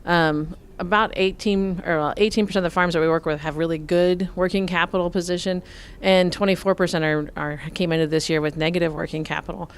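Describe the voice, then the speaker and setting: A middle-aged woman from Nebraska answering interview questions about farm finances in a measured, explanatory way, with frequent fillers. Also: lowish voice, steady tone, smooth. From Nebraska, USA. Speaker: farm finance expert, guest.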